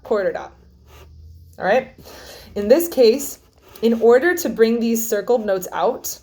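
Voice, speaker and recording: A woman's voice: mid-range voice, a little mellow. A young woman teaching a string student about rhythm and bowing, patiently explaining and often checking in with "okay?".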